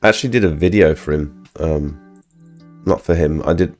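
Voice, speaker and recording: A man with a low voice, a bit under the weather, rambles through casual live-stream chat with plenty of ums. His talk wanders as he answers viewers. Faint music sits in the background. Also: normal speed, darkish tone. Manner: rambling, filler-heavy, chatting to viewers. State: ill. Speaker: pressure washing business owner and live streamer.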